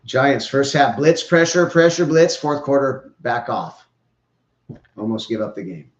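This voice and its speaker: In an animated, mid-range voice that runs a little slow, a male podcast host delivers a casual, opinionated football rant full of rambling and jokes. The room sound is dull, lo-fi and echoey.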